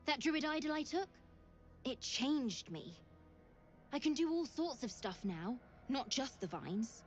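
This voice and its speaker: A woman's voice: high voice, sing-song, a little slow, faint music behind. Arabella, a plucky young girl. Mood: earnest. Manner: folksy, rustic speech. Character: earnest orphaned young girl, plucky and hopeful. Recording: dull game audio capture.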